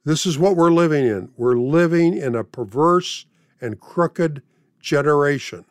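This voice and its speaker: A man preaching a sermon, reading scripture aloud and paraphrasing its pleas in a deliberate way. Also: a little high, no room sound, studio quality.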